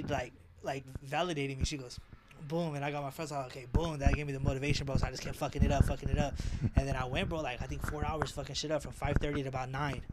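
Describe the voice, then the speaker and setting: A young man, a podcast guest, telling animated, slang-heavy stories full of swearing. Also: on the high side, very noisy. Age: young adult. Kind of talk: casual storytelling.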